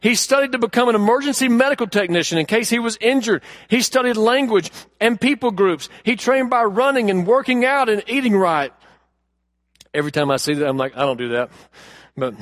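A man preaching a sermon, telling a story earnestly and asking the congregation questions, moving from loud emphasis to hushed lines. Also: high-pitched, no room sound, clean studio sound. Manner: addresses the congregation directly with questions. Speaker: pastor.

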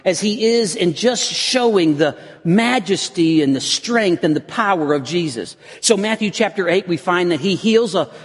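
A man's voice: high voice, expressive, normal speed, few pauses, breathy edge. A man preaching a sermon as a pastor, earnest and building to intense emphasis, with frequent restarts. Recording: long reverb of a hall.

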